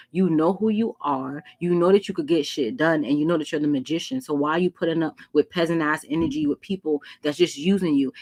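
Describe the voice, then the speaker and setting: A young woman with a lowish voice talks through a tarot reading in a casual, direct way. She is blunt and emphatic and swears freely while she drives her points home. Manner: blunt, profane, animated and emphatic. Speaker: tarot reader.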